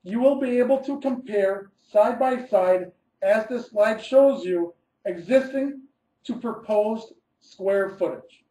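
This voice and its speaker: A man's voice: high-pitched, takes it slowly, dark tone, reverberant, low-quality recording. A man, an architect, giving a scripted webinar presentation, reading methodically through numbered steps and stressing key words.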